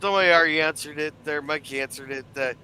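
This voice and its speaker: A man's voice: fairly high pitch, quick pace, bright, forceful tone, slight background noise. A man hosting a group live stream, steering the talk and reading chat.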